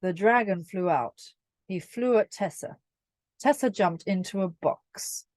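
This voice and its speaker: A woman reading a children's picture book aloud in a clear, measured way. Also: medium pitch, a little mellow, no room sound. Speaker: storyteller.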